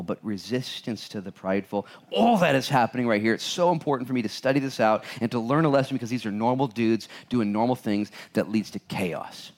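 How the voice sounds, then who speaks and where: Man, pastor, lively sermon, talks straight to the congregation, acts out voices. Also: fairly low pitch. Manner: animated, conversational preaching with acted-out voices; addresses congregation directly with questions.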